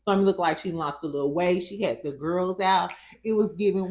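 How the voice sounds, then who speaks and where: A young woman with a St. dishes on a reality show in casual, profane commentary. Her voice sits low but swings widely, full of sass and bursts of laughter. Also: lively intonation, brisk, slight background noise. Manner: sassy, profane, laughs often. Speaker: reality TV recap host.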